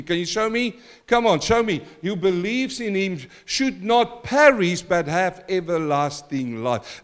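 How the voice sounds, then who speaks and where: A man preaching a sermon as pastor, swinging from quiet stretches to loud emphatic swells and calling on the congregation. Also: sits high, sing-song, a little slow. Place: church.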